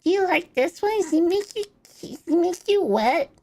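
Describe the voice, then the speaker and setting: A man putting on a squeaky, teasing falsetto voice for a cheeky, crude oddball figure. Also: expressive, normal speed, darkish tone.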